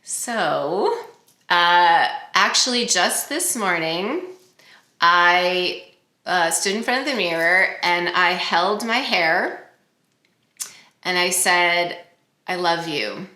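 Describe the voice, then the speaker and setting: Slow, earnest woman in an echoey room. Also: lowish voice, expressive. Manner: gentle, earnest, halting with fillers. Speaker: host. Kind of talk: reflective spiritual self-help talk. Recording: roomy echo.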